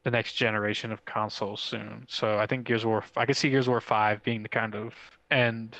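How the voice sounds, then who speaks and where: Podcast co-host, male, excitable and rambly, close dry mic, no room sound. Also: on the low side, brisk, vocal fry, no echo, poor audio. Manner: excitable, rambling with many "like" fillers. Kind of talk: casual chat.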